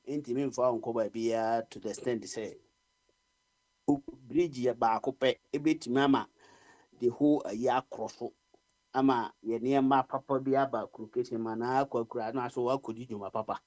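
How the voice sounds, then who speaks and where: Ghanaian man in relaxed radio chat. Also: mid-range voice, normal speed. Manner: relaxed, switches between English and Twi.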